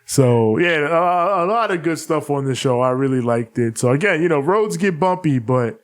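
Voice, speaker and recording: A man's voice: a little high, expressive, moderate pace. A man co-hosting a casual podcast, breaking things down articulately and laughing often. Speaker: podcast co-host. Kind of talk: casual chat, analytical recap.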